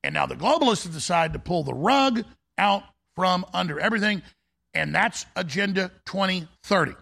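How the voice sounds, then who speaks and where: A male talk show host delivering an intense, forceful ranting monologue. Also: high-pitched, animated, normal speed, gravelly.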